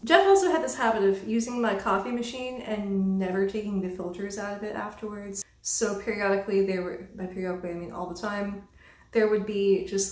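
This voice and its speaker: A young woman vlogger telling a storytime about a bad roommate, exasperated and animated, swearing freely. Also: medium pitch. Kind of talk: casual storytime monologue. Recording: roomy echo.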